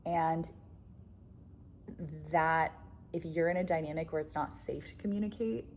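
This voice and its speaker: Low-voiced woman in a blunt, chatty vlog. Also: a little slow, long pauses, a little mellow, slight background noise. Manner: chatty, filler-heavy, blunt and swearing, laughs often. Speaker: relationship coach vlogger. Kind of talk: candid casual monologue to camera.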